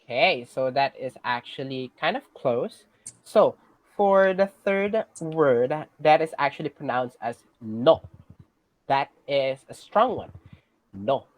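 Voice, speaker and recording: A teacher with a Filipino accent giving a class lesson, patiently checking in with students and pausing on fillers. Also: mid-range voice, no echo, rough recording. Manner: patient, checks in with "okay?" often; hesitant, many fillers and restarts.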